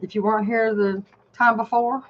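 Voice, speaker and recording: A woman's voice: a little high, level tone, normal speed, muffled recording, slight background noise. An older woman vlogging a casual product review from her home desk, chatty and rambling as she talks straight to her viewers.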